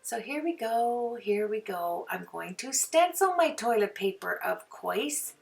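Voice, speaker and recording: A woman's voice: mid-range voice, expressive, a little slow, vocal fry, far from the mic. A woman hosting a casual craft tutorial, chatting to viewers and talking to herself as she works. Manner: chatty, talks to herself while working. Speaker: crafting video host.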